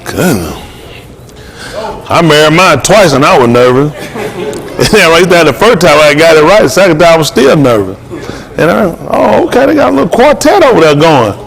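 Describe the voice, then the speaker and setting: An older man films a wedding on a handheld phone, teasing guests and trading playful, casual banter with them indoors at the venue. His voice sits on the high side, sing-song and gravelly with a bit of brightness, at normal speed, and he speaks in a Southern Black vernacular.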